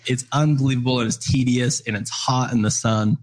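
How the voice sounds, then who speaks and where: A man's voice: mid-range voice, fairly even intonation, a little fast. A man telling a story and explaining an idea in casual conversation, earnest, with many "uh"s and "right?"s. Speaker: guest speaker on parenting.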